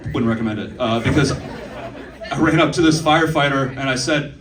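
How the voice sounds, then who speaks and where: Audience laughter rises around a young stand-up comic in his twenties performing at a comedy club. He speaks at a moderate pace in a mid-range, slightly bright voice, telling loose, profane stories and chatting to the crowd on the side. The recording has a roomy, faraway club sound.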